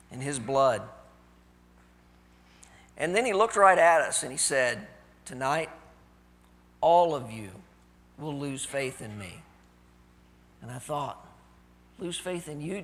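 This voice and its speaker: An actor playing a doubtful, reflective apostle in a live church skit, telling the story with hesitant pauses. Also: male voice, on the high side, a bit bright. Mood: somber. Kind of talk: live stage skit monologue. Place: church stage. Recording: reverberant church hall.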